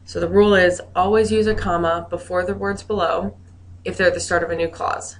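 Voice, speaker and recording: A woman's voice: on the low side, level tone, fairly quick, slight background noise. A woman teacher giving a recorded grammar lesson, explaining rules in a friendly way with joking asides.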